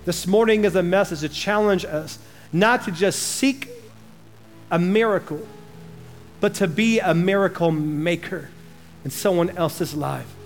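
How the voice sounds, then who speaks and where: A man pastor preaching a passionate sermon, rising to loud emphasis and dropping to slow, quiet lines. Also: high-pitched, faint music behind.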